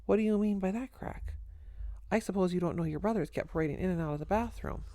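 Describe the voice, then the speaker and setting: A woman reading the part of a lively young woman who turns tart and pleading. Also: on the low side, fast talker, no echo, studio quality, close to an everyday voice.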